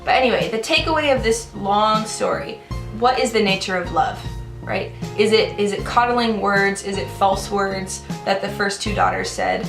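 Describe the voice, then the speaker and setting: A woman's voice: mid-range voice, moderate pace. A young woman casually reviewing a book and retelling a fairytale in a loose, chatty way full of "like" and "um". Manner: chatty, loose, many fillers like "like" and "um". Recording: roomy room with music in the background.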